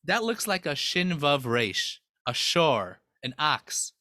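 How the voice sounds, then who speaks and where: A man's voice: a little high, very animated, slow pace, pushed and bright, no room sound, studio quality, heavily acted. A man doing naive, wondering Adam. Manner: innocent, wondering. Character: naive, wide-eyed first man, young and simple.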